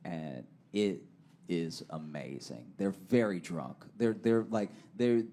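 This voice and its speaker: A man's voice: low voice, slow pace. Laughing man telling a story on stage. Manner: animated storyteller, laughs through his story. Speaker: comedian podcast co-host. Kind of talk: storytelling chat before a live audience. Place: live stage venue.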